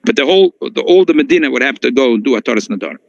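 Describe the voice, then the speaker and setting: Gravelly, animated rabbi teaching a lesson. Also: male voice, very fast, no echo. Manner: animated, jumps high in pitch for emphasis, frequent restarts. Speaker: rabbi teaching a halacha class. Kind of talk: text-based Torah lesson, reading and explaining. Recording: dull lo-fi dry recording.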